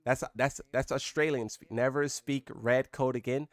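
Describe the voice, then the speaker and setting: A man's voice: mid-range voice, steady tone, moderate pace, no echo. A man hosting a live stream, chatting casually and rambling with his viewers. His voice jumps up when he is surprised.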